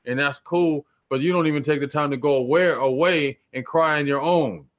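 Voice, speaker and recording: A man's voice: fairly high pitch, normal speed. A man teaching about spirituality in a loose, slangy, preachy way, repeating points for emphasis. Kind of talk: casual spiritual teaching talk.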